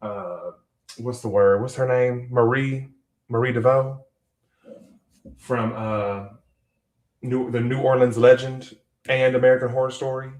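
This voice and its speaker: A man's voice: medium pitch, fairly even intonation, unhurried, long pauses, a little mellow. Southern guy rambling on his writing livestream, mid voice, kinda echoey room. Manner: chatty, rambling, reads out viewer comments. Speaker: author hosting a live writing stream. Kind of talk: casual livestream chat. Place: home room at his desk.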